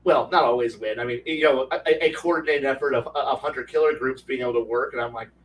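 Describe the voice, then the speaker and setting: A man's voice: mid-range voice, quick pace, far from the mic, a little hiss or hum, poor audio. A man hosting a casual talk stream, rambling with many restarts and swearing, and acting out other people in a raised voice as he tells stories. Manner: animated storyteller, acts out quotes in a raised voice. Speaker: podcast host. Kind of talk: casual ranting chat.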